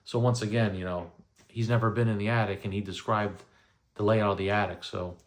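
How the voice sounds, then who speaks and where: A man's voice: fairly low pitch, steady tone, brisk, a little hiss or hum. A man in his thirties casually telling a first-person story, rambling with lots of "you know" and "right?". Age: 30s. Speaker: vlogger recounting paranormal experiences.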